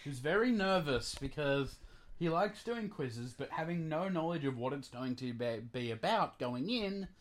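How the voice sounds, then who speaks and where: Wry man with a lively voice. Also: a little high, moderate pace. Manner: dry, joking, nervous guesses. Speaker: podcast co-host, quiz contestant. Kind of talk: casual chat. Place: in bed at home.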